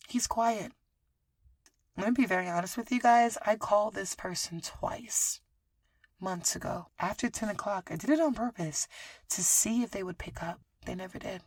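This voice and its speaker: A woman's voice: medium pitch, no room sound. Woman podcast host, thirties, candid storyteller, dry close sound. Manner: swearing, laughing, dramatic and expressive.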